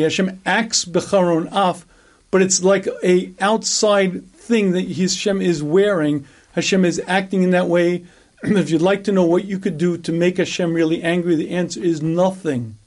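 A man teaching a Torah class in an emphatic, repetitive way, with rhetorical questions and frequent throat clearing. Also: high-pitched, a little mellow. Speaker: rabbi teaching a weekly class.

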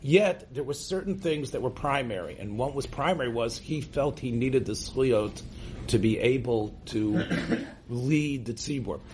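A man's voice: mid-range voice, measured pace, a little mellow, slight background noise. A man from the United States, a rabbi teaching a class to a room of listeners, speaking in a loose conversational way and often checking in with "right?". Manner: conversational, tags points with "right?", restarts often. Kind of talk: informal religious lecture. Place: classroom with an audience.

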